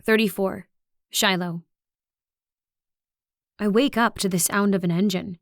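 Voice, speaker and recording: A woman narrates a first-person horror audiobook, her telling tense and expressive. Her pitch sits in the middle and the sound is dry and close. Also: measured pace, no echo.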